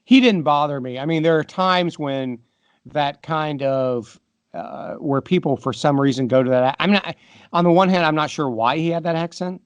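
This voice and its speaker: A man's voice: on the high side, normal speed, clean tone, no room sound. A middle-aged man co-hosting a podcast, giving firm opinions on a film and backing them with examples. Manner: opinionated, makes points with examples. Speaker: podcast co-host. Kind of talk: casual movie discussion.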